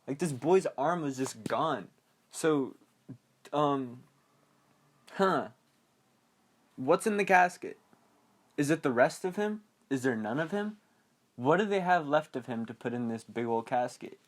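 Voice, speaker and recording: A man's voice: fairly high pitch, animated, measured pace, long pauses. Rambling, giggly young man recapping a movie. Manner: rambling, giggly, acts out characters' lines. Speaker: podcast host.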